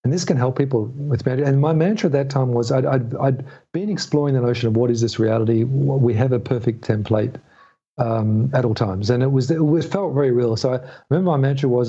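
A man's voice: mid-range voice, fairly quick, mellow, husky. A middle-aged man telling a long personal story as a podcast guest, rambling with many restarts. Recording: dull lo-fi audio.

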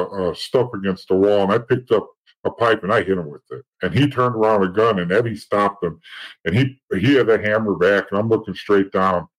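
A middle-aged man telling rough stories in a blunt, profane way, rambling with frequent restarts. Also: on the low side, poor audio. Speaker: guest. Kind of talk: casual storytelling.

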